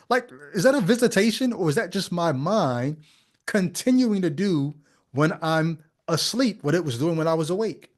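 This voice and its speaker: A podcast host picks apart a video clip, sounding skeptical and conversational and firing off plenty of rhetorical questions. His voice sits high and animated, moving at a moderate pace.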